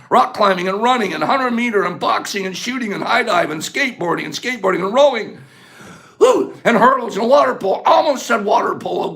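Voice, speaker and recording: Animated high-voiced man hosting a live stream. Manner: animated, shouts out viewer names, quick game-show banter. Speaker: livestream host. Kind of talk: casual live chat with viewers.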